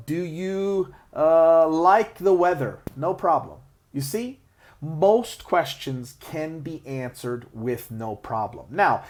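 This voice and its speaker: A man teaching English learners useful phrases in a chatty way, with lots of "uh" and restarts, laughing as he acts out sample exchanges. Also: a little high. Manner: chatty, with frequent "uh" and self-restarts; acts out sample replies and laughs between examples. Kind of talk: explaining tips to English learners.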